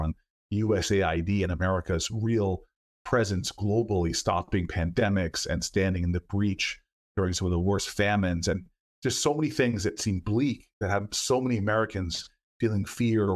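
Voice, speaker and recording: A man's voice: low-pitched, moderate pace. A middle-aged man, a senator, answering interview questions earnestly, often repeating words as he goes. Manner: earnest, stumbles and repeats words, acts out quoted voices. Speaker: senator and book author, guest.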